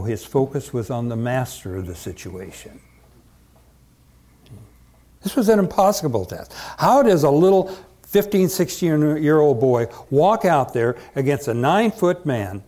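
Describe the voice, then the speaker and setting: Lively, emphatic male preacher. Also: on the high side. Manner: emphatic, repeats rhetorical questions. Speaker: pastor. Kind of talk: sermon.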